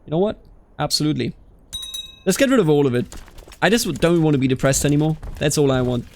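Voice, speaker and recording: A man hosting a strategy game let's play, chatting casually with exasperated outbursts and reading game events aloud. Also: on the high side. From Bavaria. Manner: animated, exasperated outbursts, calls people dude.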